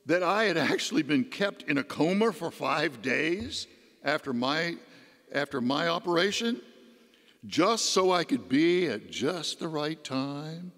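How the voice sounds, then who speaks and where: A man's voice: fairly high pitch, a bit bright. Deacon guy telling a homily story in a big echoey church, folksy, ups and downs. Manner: folksy storyteller, voice rising and dropping. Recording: long church reverb.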